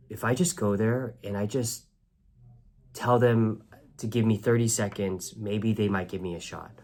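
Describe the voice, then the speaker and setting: A man telling a personal story in an earnest, reflective way, acting out the lines of the people in it. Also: on the low side. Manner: earnest, reflective, acts out quoted dialogue. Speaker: actor telling his story.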